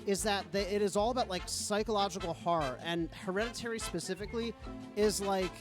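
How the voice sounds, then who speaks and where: A man's voice: sits high, fairly quick. Male co-host, playful giggly chat, music underneath. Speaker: podcast co-host. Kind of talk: casual chat.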